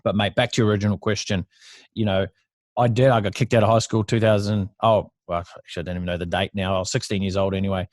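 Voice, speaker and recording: A man's voice: lowish voice, a little mellow, no room sound, clean studio sound. A man in his thirties with an Australian accent, telling stories as a guest in a casual interview, blunt and chatty, swearing freely. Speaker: guest entrepreneur.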